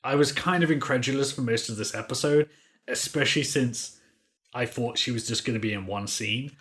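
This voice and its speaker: A man co-hosting a podcast, reviewing a cartoon episode in loose, opinionated chat. His voice sits at an ordinary middle pitch, and he laughs and swears as he talks. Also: brisk, fairly bright tone. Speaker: podcast co-host.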